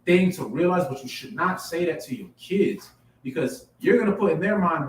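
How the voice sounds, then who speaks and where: A man's voice: fairly high pitch, lively intonation, normal speed. Emphatic preacher man in an echoey room. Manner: emphatic, rising to forceful peaks, repeats phrases. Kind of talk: street-style sermon to a camera audience. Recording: echoey room, mic at a distance, faint background hum.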